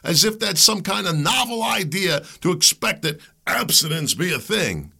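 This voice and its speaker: Fervent gravelly-voiced man preaching his views. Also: high-pitched, very animated, moderate pace, sharp tone. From United States. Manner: fervent, preachy, rhetorical questions; repeats words when heated. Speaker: podcast host. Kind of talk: impassioned political commentary.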